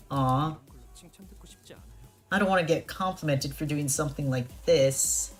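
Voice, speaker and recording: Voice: medium pitch, a little slow, long pauses, faint music behind. A young adult streamer chatting casually while playing and reading dialogue aloud, often laughing and stammering on restarts.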